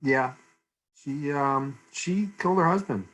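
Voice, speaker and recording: Young male podcast co-host, dry deadpan jokes, mid-pitched voice. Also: takes it slowly, rough recording. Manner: deadpan, joking. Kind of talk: casual podcast chat.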